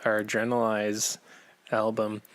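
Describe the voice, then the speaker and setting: A man's voice: fairly low pitch, completely flat delivery, measured pace, fairly bright tone, no echo. A man co-hosting a podcast from a basement, chatting casually with a rambling manner and frequent laughs. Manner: rambling, laughs often, restarts phrases. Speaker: podcast co-host. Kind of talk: casual chat. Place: home basement.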